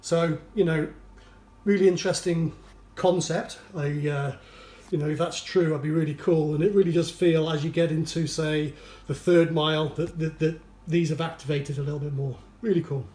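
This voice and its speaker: A man's voice: on the high side, steady tone, normal speed, darkish tone. A man with a slight Geordie accent giving a casual, chatty review of a running shoe, full of fillers and restarts. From North East England. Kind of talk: casual spoken product review. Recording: roomy echo.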